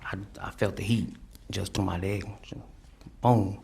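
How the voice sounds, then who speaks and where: A man giving courtroom testimony, halting and repeating his words, often adding "you know what I'm saying". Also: low-pitched, steady tone, creaky, a little mellow, a little hiss or hum. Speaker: defendant testifying.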